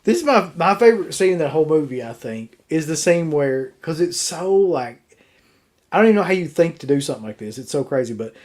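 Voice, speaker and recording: Relaxed, opinionated man in a horror chat. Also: on the high side, fairly quick. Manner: relaxed and opinionated, casual swearing. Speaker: co-host of a horror movie show. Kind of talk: casual chat reviewing a ranked list.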